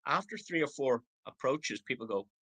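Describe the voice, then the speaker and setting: Bright-voiced man in his sixties coaching. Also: mid-range voice, big pitch swings, moderate pace, breathy edge, poor audio. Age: 60s. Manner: acts out prospects' replies in quoted voices. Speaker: network marketing trainer. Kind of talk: motivational training talk. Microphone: video call.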